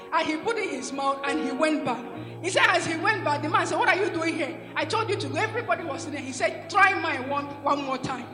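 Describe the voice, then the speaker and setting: A woman with a high voice giving a church testimony, circling back and restarting as she tells her story. She sounds roomy and reverberant, as in a large hall, with music playing clearly behind her. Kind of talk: spoken testimony.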